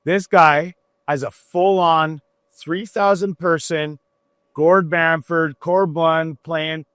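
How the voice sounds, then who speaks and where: A man hosting a podcast with a slightly raised pitch. He talks in blunt, swearing banter. The sound is close and dry. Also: steady tone, slow pace, fairly bright tone, dry recording. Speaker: podcast host. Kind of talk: casual podcast chat.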